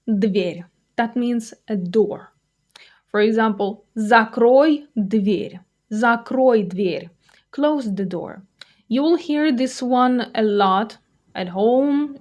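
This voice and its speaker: A woman with a Russian accent, a native Russian speaker, teaching vocabulary in a patient way and repeating each word. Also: on the high side. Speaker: language teacher. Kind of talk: slow, clear vocabulary lesson.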